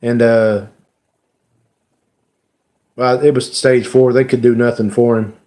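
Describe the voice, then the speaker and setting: A man hosting a live stream, talking casually to his chat in a halting, emotional way with lots of fillers. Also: mid-range voice, flat delivery, darkish tone.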